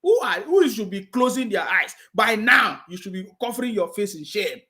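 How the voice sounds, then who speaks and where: A man's voice: high-pitched, big pitch swings, normal speed, pushed and bright. A man with a Nigerian English accent hosting a live stream, reading viewer comments and scolding his critics with repeated mocking taunts. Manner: reads viewer comments aloud.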